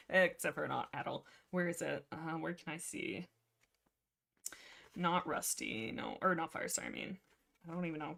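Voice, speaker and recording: A woman hosting a livestream from a room at home, chatting casually about books in a rambling, excitable way with frequent laughs. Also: fairly low pitch. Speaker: livestream host. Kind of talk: casual book chat. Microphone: desk mic.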